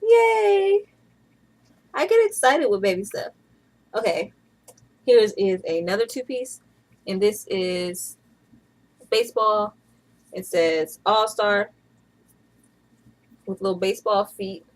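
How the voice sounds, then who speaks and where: A chatty woman in her thirties, from Atlanta, talks casually to her camera. She sounds playful and easygoing, with a voice of ordinary middle pitch. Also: slow, pauses often, rough recording. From Atlanta, USA. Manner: chatty and playful, with bursts of laughter. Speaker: vlogger. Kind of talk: casual vlog chat.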